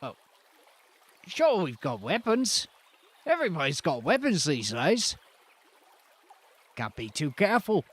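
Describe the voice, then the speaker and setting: A man's voice: a little high, wildly swooping pitch, a little slow, pauses often, husky, exaggerated voice. A man voicing a chatty, suspicious male roadside camper in a put-on British-style accent, who repeats himself and trails off. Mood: defensive. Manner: rambling, repeats himself, drops words.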